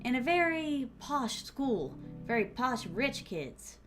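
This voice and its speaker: A woman's voice: sits high, sing-song, takes it slowly, soft background music. A young woman streamer chatting casually with her viewers while she writes. She speaks with theatrical, refined diction and calls her audience "my starlings". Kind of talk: casual live-stream chat while writing.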